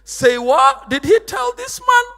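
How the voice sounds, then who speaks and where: A man preaching a sermon, emphatic and theatrical, dropping into Swahili, shouting and turning sing-song. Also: very high-pitched, sing-song, unhurried, long reverb tail. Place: church hall.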